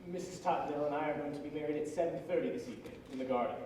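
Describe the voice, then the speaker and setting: An actor playing a stiff, proper butler who makes a rapid, clipped announcement. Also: male voice, fairly high pitch, darkish tone, slight background noise, close to an everyday voice. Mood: formal. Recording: echoey theatre stage, mic far off.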